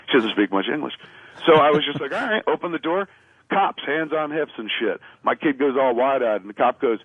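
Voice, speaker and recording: A fast-talking man spins a casual anecdote as a radio guest, hopping into the voices of the people in his story. His speech is loose and profane and full of filler. The sound is thin and phone-like, close and dry. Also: mid-range voice, no echo. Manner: animated storyteller acting out quoted lines.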